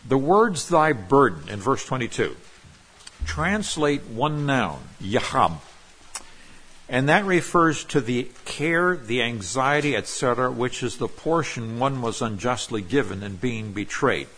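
A man's voice: mid-range voice, animated, unhurried, fairly bright tone, breathy edge. A man preaching an expository sermon, explaining Hebrew words with emphasis and drawing out key terms.

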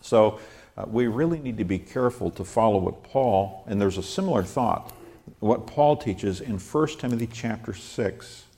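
A Bible teacher with a very deep, low, warm voice works through scripture verse by verse. He reads the old wording aloud, then pauses to explain the Hebrew grammar underneath in an unhurried, scholarly way.

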